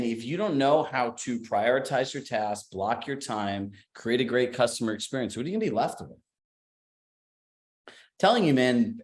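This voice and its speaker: A man's voice: mid-range voice, reverberant. A man giving a coaching seminar talk to real estate agents in an emphatic, conversational way. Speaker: business coach.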